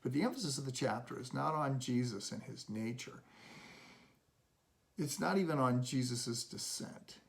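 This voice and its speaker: A man's voice: mid-range voice, moderate pace, creaky. A middle-aged male pastor giving an earnest, conversational devotional sermon, often restarting his words.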